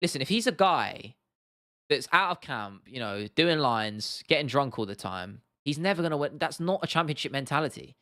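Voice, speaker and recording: A man's voice: medium pitch, lively intonation, normal speed, sharp tone, dry recording. Young male streamer, casual and blunt, swears a lot, dry close mic. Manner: blunt, opinionated, swears freely, restarts often. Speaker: livestream host. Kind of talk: casual livestream chat answering viewers.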